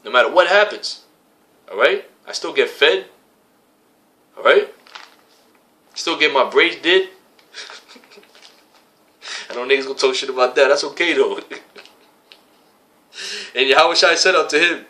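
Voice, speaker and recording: With a fairly high, expressive, sharp voice, a man from a religious camp preaches at normal speed, pausing often. He recasts the scripture he quotes in profane street talk and keeps repeating phrases to stress them.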